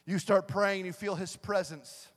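A man preaching a sermon, swinging between shouted passages and soft, quiet talk, recorded live in a large church. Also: high-pitched, fairly even intonation, normal speed. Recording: live church sound with long reverb and music behind.

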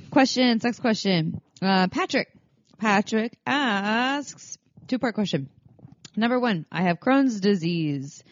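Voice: medium pitch, no room sound. Co-host for casual podcast chat, loose and rambling, dry slightly muffled sound. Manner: relaxed, rambling, many fillers.

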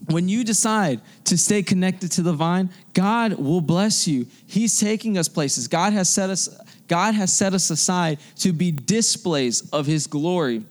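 Fervent high-voiced young man preaching. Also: measured pace. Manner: fervent, repetitive, restarts phrases for emphasis. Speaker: young adult ministry preacher. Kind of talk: sermon.

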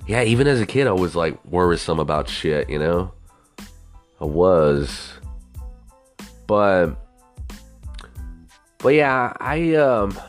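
A man from the United States in a casual, rambling, profane monologue, often asking whether you know what he means. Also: sits low.

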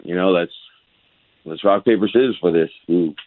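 A man's voice: deep voice, normal speed. A young man, a college quarterback guest, answering interview questions politely with frequent laughs. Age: young adult. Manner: soft-spoken, laughing, polite. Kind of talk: phone interview. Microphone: phone. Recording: tinny phone line.

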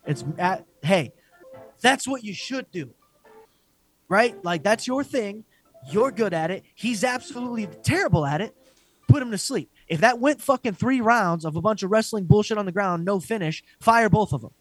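A man's voice: sits high, moderate pace, faint music behind. A man co-hosting a podcast, ranting and joking in casual chat with lots of swearing. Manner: profane, joking, excitable rants. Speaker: podcast co-host.

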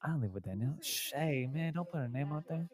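A man telling casual stories among friends, relaxed and slangy, quoting what his friends said. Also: a little high, fast. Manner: relaxed, slangy storyteller who quotes friends.

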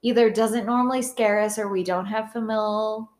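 Young woman co-host; chatty, animated, loose and profane. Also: mid-range voice, fairly quick. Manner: chatty, animated, swears, lots of "like". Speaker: podcast co-host. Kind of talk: casual chat.

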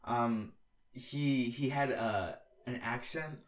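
A man's voice: medium pitch, takes it slowly. A man co-hosting a casual podcast chat who jokes, cuts in and laughs often. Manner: jokey, interrupts, laughs often.

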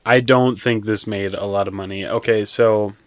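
A man's voice: lowish voice, steady tone, moderate pace, no echo. A man co-hosting a casual movie review podcast, laughing often and rambling with self-deprecating jokes. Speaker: podcast co-host.

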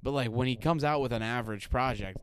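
A man's voice: medium pitch, fast talker, a little hiss or hum. A man with a Midwestern accent co-hosting a casual podcast, rambling and filling his talk with "like". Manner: rambling, heavy use of "like". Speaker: podcast co-host.

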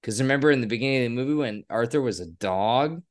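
A man co-hosting a podcast, talking casually and excitedly about a movie, given to swearing and rants. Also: mid-range voice. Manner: animated, profane, quick to rant. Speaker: podcast co-host. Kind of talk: casual movie review chat.

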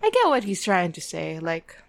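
A woman's voice: on the low side, wildly swooping pitch, moderate pace, vocal fry. A woman co-hosting a podcast, animatedly retelling a TV episode in casual chat, acting out quotes and laughing along the way. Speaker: podcast co-host.

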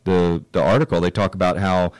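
A man's voice: sits low, steady tone, fairly quick, darkish tone, dry recording, studio quality. A man co-hosting a casual podcast chat, upbeat and rambling with lots of filler words. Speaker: co-host and author.

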